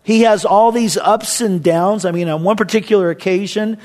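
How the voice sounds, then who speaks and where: A man's voice: high-pitched, normal speed, a little mellow. A man as pastor, giving a conversational, storytelling sermon to a church. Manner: conversational, storytelling, acts out quoted voices.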